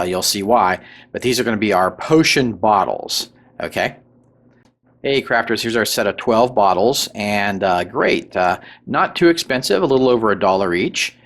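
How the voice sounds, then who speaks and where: A man with a fairly low voice narrates a tabletop crafting tutorial. He talks casually and loosely, full of fillers, and keeps checking in with the viewer. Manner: relaxed, filler-heavy, checks in with "right?" and "okay?".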